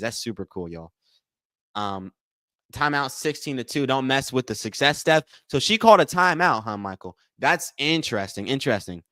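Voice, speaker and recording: A man's voice: medium pitch, fairly bright tone, no room sound, studio quality. A man hosting a live watch-along, giving casual play-by-play and chatting with viewers, often repeating himself and calling them y'all. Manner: repetitive, addresses chat as y'all, thanks donors. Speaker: livestream host.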